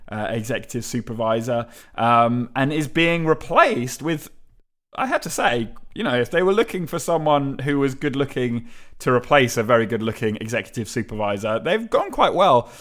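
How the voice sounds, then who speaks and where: A man's voice: medium pitch, expressive, normal speed, fairly bright tone. A man co-hosting a podcast, talking casually with many ums and uhs and steering the chat. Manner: hesitant, many fillers, laughs along. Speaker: podcast co-host.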